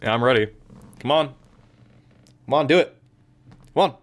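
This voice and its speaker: A man's voice: mid-range voice, normal speed. Playful, teasing man gaming. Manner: playful, teasing, mock-triumphant. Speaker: let's player. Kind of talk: casual gameplay commentary.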